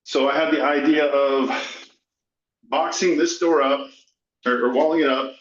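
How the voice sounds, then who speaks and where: Out-of-breath man, apologetic, halting, roomy echo, dull lo-fi call audio. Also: on the high side, fairly even intonation. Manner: apologetic, halting, restarts often. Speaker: caller asking a question. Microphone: video call.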